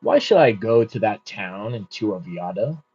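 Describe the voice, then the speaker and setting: A man doing a proud, quick-tempered young ascetic. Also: lowish voice, animated, a little mellow, husky. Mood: scornful. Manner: indignant and scornful. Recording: muffled with faint music.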